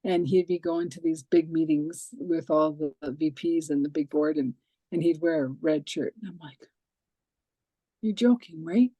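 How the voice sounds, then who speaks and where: A woman hosting a casual interview podcast, telling lively stories and acting out the dialogue in them. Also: low voice, normal speed, no echo. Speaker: podcast host.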